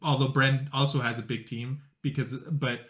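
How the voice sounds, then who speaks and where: A man's voice: medium pitch, steady tone, normal speed, a bit bright. A man hosting a comedy game show, teasing the players in a playful, upbeat way.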